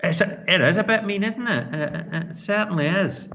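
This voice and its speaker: A man teaching a class, asking students for their views and explaining in a halting way with repeated words. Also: high-pitched, vocal fry, sharp tone, a little hiss or hum. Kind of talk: classroom discussion. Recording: roomy classroom sound, dull lo-fi.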